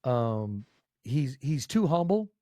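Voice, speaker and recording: A man's voice: mid-range voice, big pitch swings, takes it slowly, warm tone, no echo, studio quality. A man hosting an interview podcast, talking casually in an emphatic, rambling and enthusiastic way. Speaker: podcast host.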